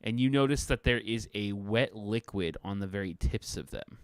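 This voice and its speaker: Smooth-voiced man running a tabletop game. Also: lowish voice, moderate pace, no echo, clean studio sound. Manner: relaxed, chatty, with fillers. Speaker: game master. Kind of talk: narrating a tabletop game over a video call.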